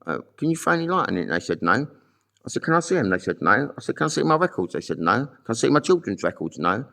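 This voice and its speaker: A man's voice: medium pitch, very animated, quick pace, creaky, pushed and bright. A middle-aged man telling his own story in a blunt, sweary, rambling monologue full of fillers. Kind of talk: angry monologue to camera.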